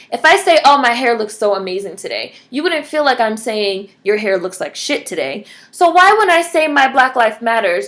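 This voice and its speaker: A woman's voice: fairly high pitch, a bit bright. A woman vlogger speaking directly to her viewers, impassioned and emphatic, with frequent asides to the audience. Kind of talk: direct-to-camera commentary.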